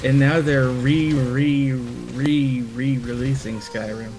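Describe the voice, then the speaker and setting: A man chatting casually about games, halting with stammered restarts. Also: medium pitch, fairly even intonation, music in the background. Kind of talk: casual gaming chat.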